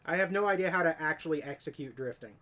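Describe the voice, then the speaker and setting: A man's voice: on the high side, fast talker, sharp tone. A man chatting casually with viewers while streaming a racing game, rambling and joking. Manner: rambling, jokey, chats with viewers. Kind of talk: casual live-stream chat.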